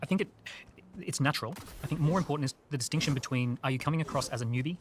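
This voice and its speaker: A man with a mid-range voice explains his ideas quickly and tells stories as a podcast guest. Noise runs under the recording. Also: fairly high pitch. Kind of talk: conversational explanation.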